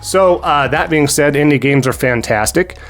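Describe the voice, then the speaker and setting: A man with a sick, hoarse voice hosts a gaming channel, giving rambling casual commentary on new games, full of fillers and thanks to viewers. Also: on the high side, moderate pace, a bit bright, soft background music.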